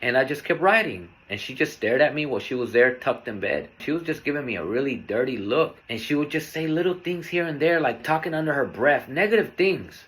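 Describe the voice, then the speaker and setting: A man hosting a podcast, telling a personal story in a candid, earnest, unhurried way. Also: fairly high pitch, a bit bright. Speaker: podcast host.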